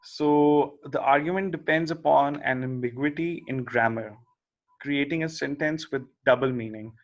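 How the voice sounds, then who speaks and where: A man's voice: fairly high pitch, normal speed, muffled recording. A man lecturing on logic in a plain explanatory way, often checking in with the listener. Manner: explanatory, checks in with "okay?" and "right?".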